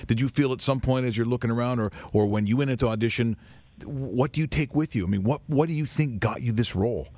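A man's voice: mid-range voice, fast, a little mellow, no echo. A male radio host who interviews a guest in an eager, rambling way, with many restarts. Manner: enthusiastic, rambling, lots of restarts.

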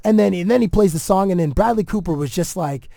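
A man's voice: high voice, fast, gravelly, no echo, clean studio sound. A man from Canada telling an anecdote in casual chat, acting out quotes with lots of fillers. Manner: animated, acts out quotes, many fillers. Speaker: podcast guest, TV entertainment reporter.

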